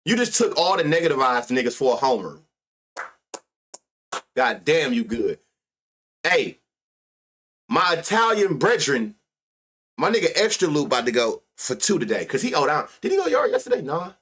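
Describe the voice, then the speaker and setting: A man's voice: medium pitch, sing-song, moderate pace, long pauses, a bit bright. A man hosting a live sports betting stream, reading stats and riffing loosely with plenty of profanity. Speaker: sports betting show host.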